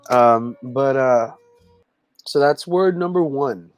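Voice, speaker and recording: A man co-hosting a casual video call chat, teaching Tagalog words in a halting, rambling way with many fillers and frequent laughs. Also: mid-range voice, soft background music, poor audio. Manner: laughs often between words.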